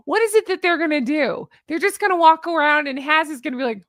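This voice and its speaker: A woman's voice: high voice, expressive, fast talker, few pauses, a bit bright, no room sound, studio quality. A woman hosting a casual commentary vlog, sarcastic and exasperated as she rants. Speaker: YouTube commentary host.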